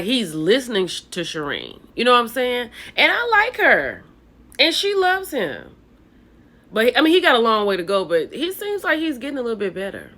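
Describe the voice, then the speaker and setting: A woman's voice: mid-range voice, bright, forceful tone. A woman hosting a casual reality TV recap, chatty and opinionated, talking straight to her viewers.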